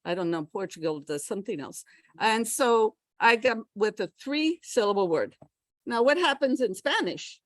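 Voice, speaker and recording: Woman lecturing, high dry voice. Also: moderate pace, no echo. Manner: lively, checks in with audience often. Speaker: pronunciation workshop presenter. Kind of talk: lecture to English teachers.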